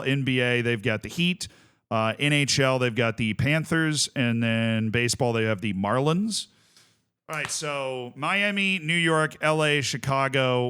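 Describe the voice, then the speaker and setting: Bright, clear-voiced male streamer thinking aloud. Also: mid-range voice. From Tampa, Florida. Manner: thinking aloud, listing, self-correcting. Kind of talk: casual livestream chat.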